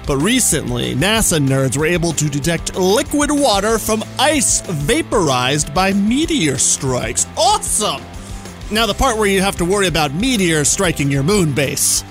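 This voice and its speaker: A man's voice: high voice, big pitch swings, moderate pace, hardly any pauses, a bit bright, faint music behind. A man hosting a comedy news segment on the radio, joking and making sarcastic asides. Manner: jokey, playful, sarcastic asides. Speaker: radio show host.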